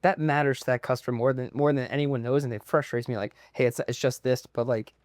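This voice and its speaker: A man hosting a casual podcast interview, asking quick, upbeat questions. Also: medium pitch, steady tone, darkish tone, dry recording, studio quality. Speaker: podcast host.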